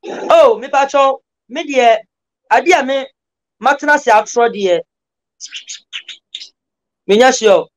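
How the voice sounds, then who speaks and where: A man's voice: very high voice, takes it slowly, pauses often, low-quality recording. A Ghanaian man, an interview guest, talking in playful, rhythmic banter and slipping into chanted freestyle lines. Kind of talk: casual interview banter mixing Ghanaian Pidgin and Twi.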